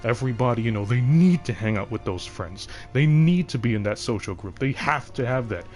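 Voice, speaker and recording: Young male game streamer, deep voice, loose digressive chat. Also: expressive, fairly quick, darkish tone, soft background music. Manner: rambling, digressive, frequent restarts. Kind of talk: casual livestream chat.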